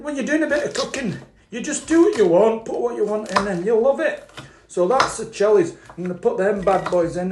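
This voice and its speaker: A man with a high voice rambles cheerfully while cooking at home, swearing freely and laughing often. The kitchen sounds roomy and echoey, with a faint hiss of noise underneath. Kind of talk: casual chatty cooking vlog.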